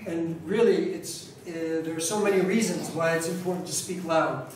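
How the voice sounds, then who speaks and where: Lecturing at a conference in a large hall, a pronunciation teacher from New York City keeps a steady tone in his slightly high voice, talking conversationally, restating points, restarting, and deliberately speaking up. The far-off mic catches heavy echo and a faint hiss.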